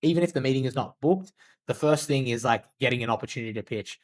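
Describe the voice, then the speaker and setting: A man's voice: mid-range voice, quick pace, dry recording. A man speaking as a podcast guest, loose and candid, swearing now and then and leaning on "like" as he gives sales advice. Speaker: podcast guest, outbound sales agency founder. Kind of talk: casual interview talk.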